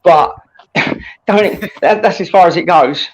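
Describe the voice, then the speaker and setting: A man's voice: high-pitched, a little slow, crowd noise. A man in a heated live-stream voice chat, blunt and combative, swearing often. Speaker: stream regular in a voice-chat argument. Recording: dull lo-fi mic with noise.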